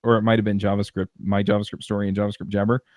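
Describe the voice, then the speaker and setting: A man's voice: lowish voice, little pitch movement, racing, a little mellow, no room sound, clean studio sound. A man hosting a podcast, talking in a rambling casual way with many restarts and fillers. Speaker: podcast host. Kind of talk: casual chat.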